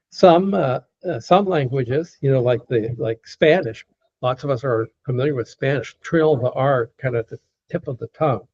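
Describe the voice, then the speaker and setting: A man teaching a class, patiently saying words slowly and repeating them, with many fillers, over an online call. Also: medium pitch, darkish tone, slightly rough. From United States. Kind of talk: lecture teaching pronunciation. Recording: dull lo-fi call audio.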